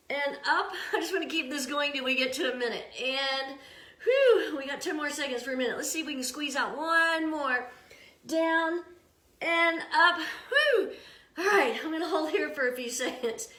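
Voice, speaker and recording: Older woman fitness instructor, high and bright, cheerful and encouraging, echoey home room. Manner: upbeat, encouraging, laughs often.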